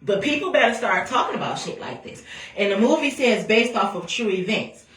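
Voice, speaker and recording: Mom telling a wild story, cussing a lot, kinda far from the mic in a roomy echoey space. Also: female voice, mid-range voice, fairly quick. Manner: blunt, profane, animated storytelling. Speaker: mother telling her own story. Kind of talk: casual storytime rant.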